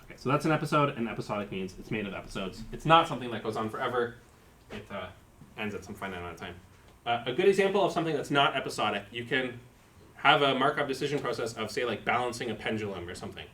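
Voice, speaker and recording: A man's voice: mid-range voice, lively intonation, quick pace, fairly bright tone. Man lecturing, thinking aloud. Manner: explains terms step by step, thinking aloud with fillers. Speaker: university lecturer. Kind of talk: live-coded lecture.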